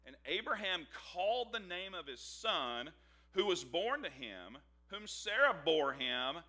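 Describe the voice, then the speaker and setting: A man's voice: high voice, a little slow. A man pastor preaching a sermon, telling the scripture story with humor and acting out its dialogue. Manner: animated, joking storyteller who acts out the scripture dialogue.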